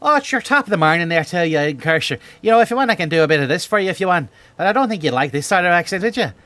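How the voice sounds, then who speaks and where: A man's voice: high-pitched, expressive, very fast, bright, forceful tone, no echo, pitched above the performer's own voice. A man putting on a hammy stage-Irish accent, rambling jolly chatter. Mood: teasing. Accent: put-on Irish. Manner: rambling, full of "there" and "uh".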